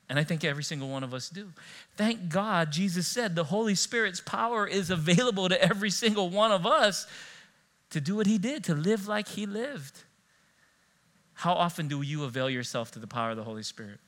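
Man, middle-aged, pastor, sermon, animated storytelling, fast talker, bright tone. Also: high-pitched. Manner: animated, conversational storytelling with laughs and asides. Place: church.

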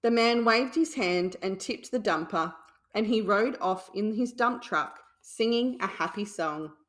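A woman reading a children's bedtime story aloud in a soothing, deliberate way. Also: medium pitch.

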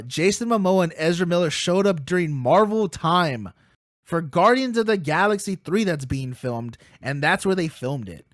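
A man co-hosting a casual wrestling podcast, telling stories excitedly, swearing freely and laughing as he goes. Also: fairly high pitch, no room sound, studio quality. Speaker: podcast co-host.

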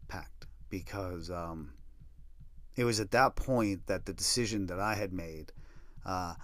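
A middle-aged man hosting a podcast, telling a personal story in a halting, soft-spoken way, with many pauses, and emotional. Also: low-pitched, no room sound. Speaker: podcast host.

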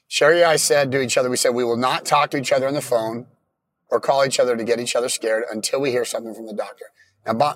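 A man telling his own story in plain, halting casual talk, often restarting his sentences. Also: mid-range voice, a bit bright, no room sound.

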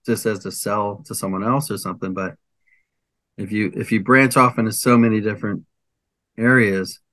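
Bright, dry-voiced older man rambling. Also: fairly low pitch, steady tone, normal speed, no room sound. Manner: rambling, hesitant, lists things with many fillers. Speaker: comedian guest. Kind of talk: casual interview chat.

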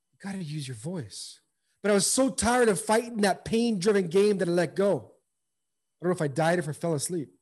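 A man's voice: high voice, a little mellow. A middle-aged man, a former pro ballplayer, telling his story in an interview with earnest, impassioned repetition. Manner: earnest, impassioned, repeats phrases for emphasis. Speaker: guest, former pro baseball player.

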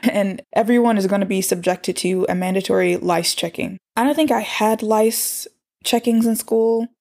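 Speaking at a moderate pace in a medium-pitched, slightly mellow voice, a show recapper chattily walks through a cartoon episode, her commentary peppered with exasperated remarks.

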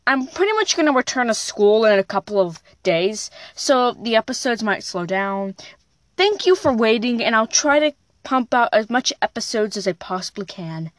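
A woman's voice: fairly high pitch, sing-song, normal speed, no room sound. A woman hosting her own podcast, telling a personal story in a plain, unpolished way with occasional restarts. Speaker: podcast host.

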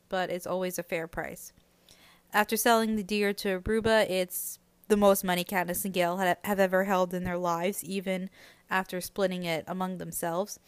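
Smooth-voiced woman chatting about a book. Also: medium pitch, no echo. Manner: chatty, conversational, frequent "uh" and "like". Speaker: book podcast host. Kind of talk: casual book recap podcast.

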